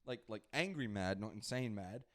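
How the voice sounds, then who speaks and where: A young man chatting casually as a podcast guest, trading deadpan jokes with his brother. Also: on the low side, normal speed. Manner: deadpan, joking. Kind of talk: casual chat.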